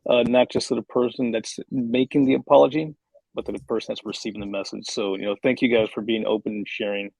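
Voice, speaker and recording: A man with a gravelly, creaky voice speaks on a psychology panel, recorded dry with almost no room sound. He sounds encouraging and repeats his words as he explains. His pitch sits in the middle range. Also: little pitch movement, fast, darkish tone, no room sound, low-quality recording. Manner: encouraging, repeats words, then quotes himself. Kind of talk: casual discussion.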